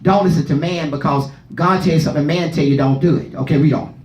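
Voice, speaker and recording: A man's voice: fairly high pitch, steady tone, quick pace, a little mellow, reverberant. A man preaching at a Bible study, leading readers and firing questions at the room. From not from Philadelphia. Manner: fervent, asks the room questions, repeats words.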